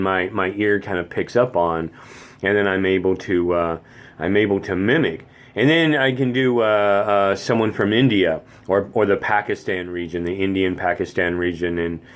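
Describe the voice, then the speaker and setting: A man in his fifties from the Phoenix area, talking in a rambling casual monologue with many stammered restarts. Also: low voice. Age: 50s. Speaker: vlogger.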